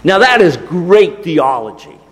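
A man preaches slowly and deliberately, with a rather high voice that rises and falls widely. He lets key phrases sink to a near whisper. His words ring out with a long reverb, as in a church sanctuary. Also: sing-song, breathy edge. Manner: slow, deliberate, drops to a hush on key phrases. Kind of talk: sermon.

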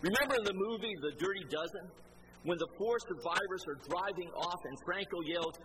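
Male preacher, slightly high voice, storytelling sermon delivery, noisy ambience. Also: fairly quick. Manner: animated, acts out quoted dialogue.

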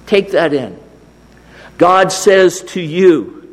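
A man preaching a sermon, slow and deliberate, dropping to a hush on key phrases. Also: sits high, sing-song. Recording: long hall reverb.

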